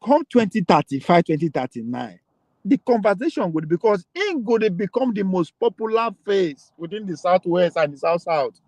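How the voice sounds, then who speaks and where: A Nigerian man hosting a casual political chat in Pidgin and English, animated and argumentative, often laughing. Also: high-pitched, normal speed, dry recording, poor audio. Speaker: political talk show host.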